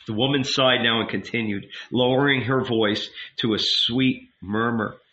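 Audiobook narrator, male, measured, bright tone, slightly muffled recording. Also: medium pitch, steady tone. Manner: measured, unhurried. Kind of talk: audiobook reading.

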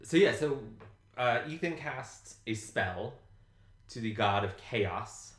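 A man's voice: medium pitch, expressive, takes it slowly, a bit bright, reverberant. A man casually recapping a TV episode with a co-host, swearing and laughing often. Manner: profane, joking, laughs often. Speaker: podcast co-host.

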